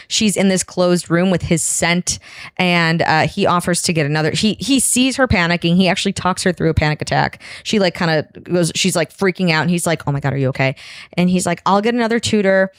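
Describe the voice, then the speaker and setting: Woman podcast co-host, lowish voice, dry close sound, animated casual retelling. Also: fairly quick, dry recording. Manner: animated storytelling, acting out characters' lines. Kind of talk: casual chat.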